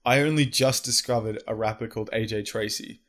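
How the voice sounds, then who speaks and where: A young man co-hosting a casual podcast, animated and laughing, swearing freely. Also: fairly low pitch, brisk. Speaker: podcast co-host. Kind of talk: casual chat.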